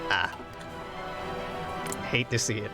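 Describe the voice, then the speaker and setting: A man's voice: fairly low pitch, steady tone, slow pace, over loud music. A young man reading game event text aloud, breaking off into wry, joking asides. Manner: wry, joking asides between read-out passages. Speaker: game streamer.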